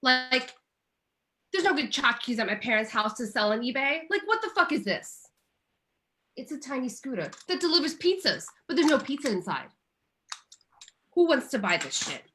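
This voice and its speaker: Woman doing a weepy, high-voiced tchotchke seller. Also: very animated, moderate pace, pauses often, bright, forceful tone, full character voice. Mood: self-pitying. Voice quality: whiny, rambling, tearful. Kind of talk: character comedy bit.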